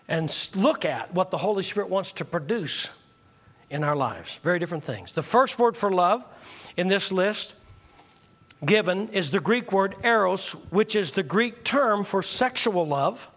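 A man's voice: high voice, fairly bright tone. A male pastor preaching a sermon, joking with and teasing the congregation through call-and-response.

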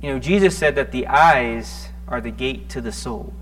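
A man preaching a sermon in a conversational, animated way, often restarting his words and joking at his own expense. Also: medium pitch, normal speed, slight background noise. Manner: conversational, self-deprecating, animated with stuttering restarts. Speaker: pastor.

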